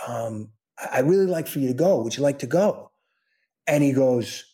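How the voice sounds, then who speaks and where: A man's voice: medium pitch, animated, normal speed, warm tone. A man guest in an interview telling a long personal story in a casual way, with many restarts and quoted dialogue he acts out. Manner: rambling, with frequent restarts and acted-out quotes.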